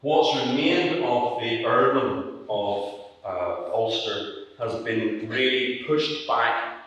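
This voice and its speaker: A Northern Irish man in his sixties giving a public lecture as an archaeologist, measured and hesitant with frequent fillers. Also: mid-range voice, a bit bright, muffled recording. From County Antrim, Northern Ireland. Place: public hall. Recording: echoey hall, distant mic.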